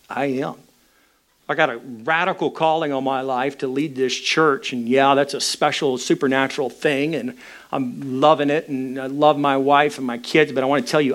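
A pastor preaching a sermon, telling a personal story in a candid, conversational way. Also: male voice, mid-range voice.

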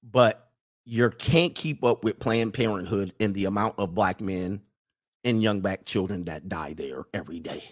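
A man hosting a casual livestream, reading viewer messages aloud and answering in an animated, joking way. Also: on the low side, unhurried. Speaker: livestream host reading super chats.

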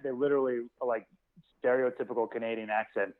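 A man's voice: medium pitch, fairly even intonation, brisk. A man telling rambling, laid-back stories in a casual podcast chat, often restarting his words. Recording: tinny phone-like line.

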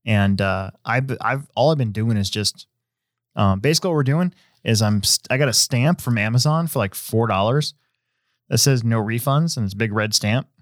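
A man hosting a casual podcast, talking in a rambling, relaxed way with many fillers and restarts. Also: mid-range voice, normal speed, dry recording, studio quality. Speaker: host; hobby shop owner.

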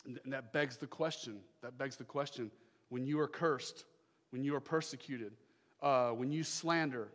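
A man's voice: medium pitch, moderate pace. Emphatic male pastor preaching in a hall. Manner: emphatic, repeats phrases, swings from loud to hushed. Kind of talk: sermon.

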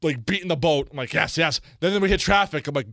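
A young man, co-hosting a podcast and telling stories in a lively way, acting out what he said. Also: on the high side, rapid-fire, no room sound, studio quality. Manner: animated storytelling, acts out his own quotes. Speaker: podcast co-host. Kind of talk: casual chat.

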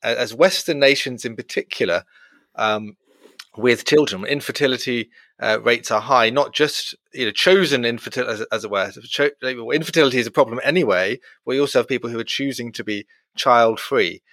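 A man's voice: medium pitch, moderate pace, fairly bright tone, dry recording. A middle-aged man with a British accent, co-hosting a chatty podcast and laughing easily. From Britain. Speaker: podcast co-host. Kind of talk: casual chat.

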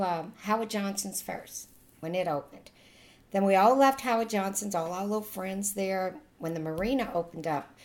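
Older Louisiana woman with a Cajun accent, chatty interviewee who laughs often. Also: medium pitch. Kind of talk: oral history reminiscing.

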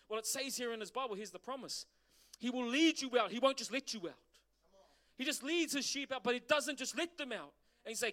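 A man's voice: very high voice, brisk. A middle-aged man preaching a sermon as pastor, asking the congregation questions. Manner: animated preaching with rhetorical questions.

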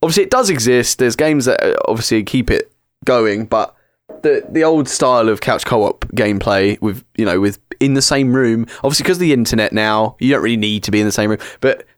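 A young man chats as a podcast guest, rambling and halting as he works out his thoughts. His pitch sits in an everyday middle range. The recording is dry and close, with no room sound. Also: no echo. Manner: rambling, halting, many restarts. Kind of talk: casual podcast chat.

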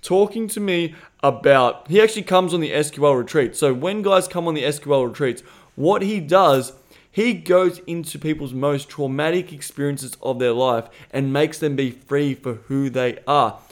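A man co-hosting a podcast in a loose, candid chat. His voice sits a little high, and he swears freely. He acts out past conversations in lively voices. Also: normal speed. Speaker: podcast co-host.

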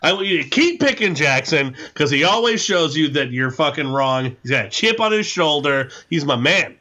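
A man's voice: on the high side, lively intonation, normal speed, pushed and bright. A tipsy man co-hosting a podcast, bantering defensively, laughing and cursing. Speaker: podcast co-host. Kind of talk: casual drunk podcast chat.

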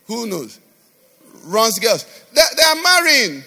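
Animated high-voiced preacher man, echoey hall. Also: slow pace, vocal fry. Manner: preaching with call-and-response questions; sing-song emphatic delivery. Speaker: pastor. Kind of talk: sermon. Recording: reverberant church hall.

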